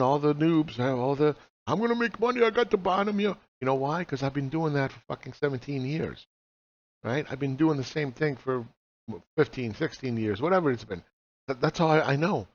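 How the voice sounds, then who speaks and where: Speaking a little fast at medium pitch, a forties-aged man gives a casual chart-reading lesson. Blunt, profane and full of rhetorical questions, he comes through on a slightly dull lo-fi recording.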